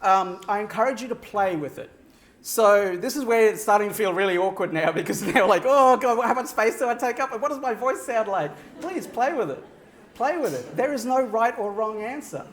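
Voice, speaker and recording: A man giving a keynote speech to a live audience, animated, shifting his pitch and pace for effect and laughing often. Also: roomy sound. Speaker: keynote speaker. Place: large venue with audience.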